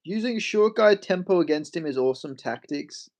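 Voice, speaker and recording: A man's voice: on the high side, animated, moderate pace, a little mellow. A young Australian man on a casual livestream, joking, swearing freely and answering his chat. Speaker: MMA streamer.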